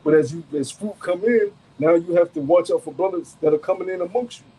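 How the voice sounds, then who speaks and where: A man's voice: high voice, a little fast, dark tone, husky, low-quality recording. A man preaching to a group outdoors as a camp elder, emphatic and profane, repeating phrases and asking rhetorical questions.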